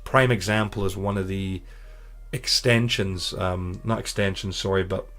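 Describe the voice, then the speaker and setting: A man giving an informal instructional talk on streaming safety, conversational and full of "you know" and quick self-corrections. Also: low-pitched, steady tone, a bit bright. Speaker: streaming educator.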